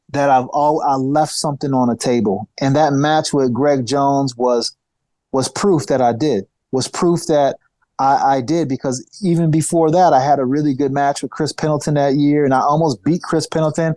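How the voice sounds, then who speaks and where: A man in his forties, a guest on a podcast, telling stories in a lively, animated way and often restarting his phrases. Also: on the high side, no room sound. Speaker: podcast guest, former fighter. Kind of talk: casual interview storytelling.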